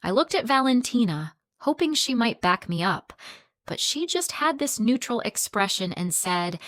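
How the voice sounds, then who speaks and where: A young woman narrates a personal story in an earnest, confiding tone, her voice sitting at an ordinary middle pitch. The recording is close and dry, with no room around it. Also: lively intonation, unhurried, fairly bright tone, dry recording. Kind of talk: reading a first-person online story.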